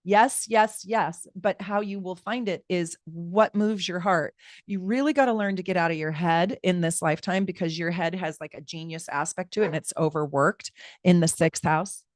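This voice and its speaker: Woman, astrologer, low voice, dry sound, chatty, rambling, live-stream chart reading. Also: normal speed, dry recording. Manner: chatty, rambling, talks straight to viewers.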